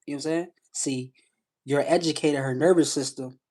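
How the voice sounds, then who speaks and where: A man's voice: fairly high pitch, steady tone, fairly quick, dark tone. A man hosting a live stream, coaching callers with emphatic, repetitive advice and frequent "you know what I'm saying.". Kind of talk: casual coaching talk to callers.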